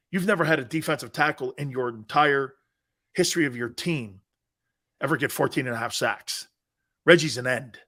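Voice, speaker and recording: A middle-aged American man hosting casual live sports talk, animated and laughing, reading out viewer comments. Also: mid-range voice. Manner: animated, loud bursts, laughs a lot.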